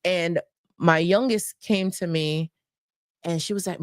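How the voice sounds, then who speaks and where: A woman's voice: lowish voice, fairly even intonation, a little slow, clean tone, no echo, studio quality. A woman hosting a motivational personal talk, speaking earnestly and repeating key phrases for emphasis. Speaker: host.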